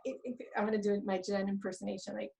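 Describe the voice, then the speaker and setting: A woman's voice: medium pitch, little pitch movement, quick pace, creaky, warm tone, poor audio. A woman co-hosting a live online coaching event, earnest and affectionate, near tears as she thanks a client. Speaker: co-host, love coach. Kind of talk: warm emotional live webinar talk.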